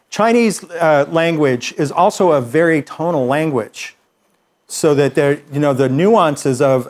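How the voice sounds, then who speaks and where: A man teaching a workshop group, explaining in a relaxed, conversational way with fillers and restarts. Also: on the high side. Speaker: workshop instructor.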